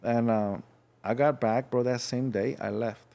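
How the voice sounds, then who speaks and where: Young adult man from Los Angeles, podcast guest, frank halting storyteller. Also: medium pitch, fairly even intonation, vocal fry, mellow. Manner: frank, halting, acts out voices in his story. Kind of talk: casual storytelling.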